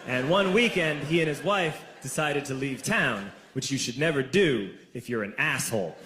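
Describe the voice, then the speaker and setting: A young man telling a stand-up story with punchy comic timing and sudden shouted bursts, on a club stage. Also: a little high. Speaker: stand-up comedian. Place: club stage before a laughing audience. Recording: echoey room with audience noise.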